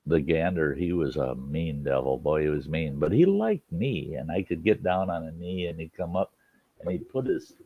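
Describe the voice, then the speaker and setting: Creaky lively-voiced man hosting a stream. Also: extremely low pitch. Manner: storytelling, laughing often, swearing casually. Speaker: live stream host. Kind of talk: casual campfire chat. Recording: dull lo-fi stream audio.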